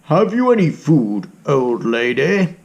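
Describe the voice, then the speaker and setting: A man's voice: a little high, sing-song, takes it slowly, dull audio, full character voice. A man voicing a greedy, demanding male cat in a children's picture book read-aloud.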